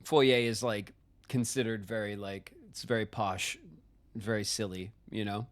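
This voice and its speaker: A man's voice: fairly low pitch, fairly even intonation, a little slow. An American man chatting casually on a live game stream, rambling with plenty of filler words. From United States. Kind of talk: casual live-stream chat while gaming.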